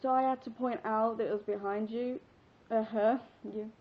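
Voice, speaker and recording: A teen girl from England, aged sixteen, shares a personal story in a chatty vlog, giggling and rambling with fillers. Her voice is on the high side with fairly even intonation at normal speed, and the webcam audio is dull and lo-fi.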